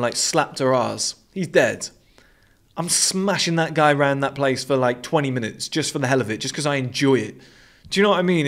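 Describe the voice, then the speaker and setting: A man's voice: a little high, fairly bright tone. A young British man in a blunt, aggressive casual monologue, swearing freely as host.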